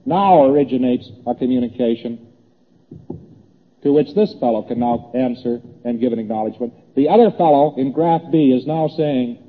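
A man with a mid-range voice talks at a normal speed in a conversational lecture, explaining graphs on a board. He repeats points and acts out little exchanges; the sound is tinny old tape in a reverberant hall.

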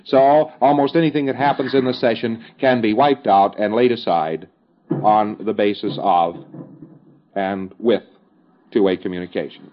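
A man's voice: fairly low pitch, normal speed, slight background noise. Man lecturing on dull old tape. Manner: conversational, emphatic, with folksy fillers. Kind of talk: recorded instructional lecture.

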